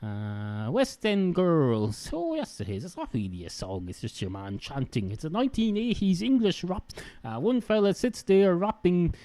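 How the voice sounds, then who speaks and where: A man's voice: high voice, sing-song, normal speed, mellow. An Irish man hosting a podcast, ranting comically and rambling with many filler sounds into a handheld microphone. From Ireland. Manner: rambling, full of "uh" fillers and mock rants. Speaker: podcast host.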